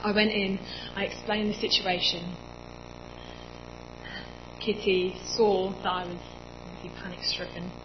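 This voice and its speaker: A woman in her twenties preaching in a church, telling a personal story in a chatty, animated way with lots of quoted dialogue. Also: mid-range voice, unhurried, long pauses, lo-fi sound, background noise. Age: 20s.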